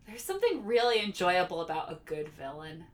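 Casting: a lively woman podcast co-host, casual and quick to laugh. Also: fairly low pitch. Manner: animated, laughs often, acts out lines. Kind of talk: casual film discussion.

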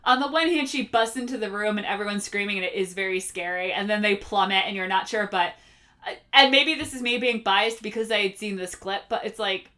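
Casting: a lively woman podcast co-host, casual and quick to laugh. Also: mid-range voice. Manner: animated, laughs often, acts out lines. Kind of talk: casual film discussion.

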